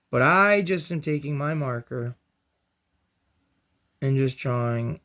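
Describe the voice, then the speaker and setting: A man talking viewers through a hobby craft step by step, chatty and encouraging with joking asides. His voice is gravelly with a fry at the ends of lines, sitting at a middling pitch. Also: a bit bright. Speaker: host of a toy and craft channel. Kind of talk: casual crafts tutorial.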